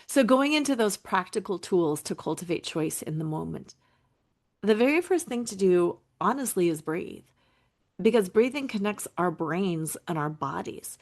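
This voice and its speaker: A woman's voice: on the low side, expressive, moderate pace. A middle-aged woman hosting a solo podcast as a recovery coach, talking in an earnest, emphatic way and repeating key phrases.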